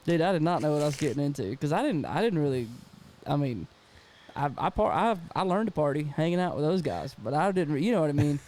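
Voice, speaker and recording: A young man with a fairly high yet mellow voice spins a casual story for a podcast. He is animated and slangy, says "dude" a lot, and jumps into the voices of the people in his tale. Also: quick pace. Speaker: podcast co-host.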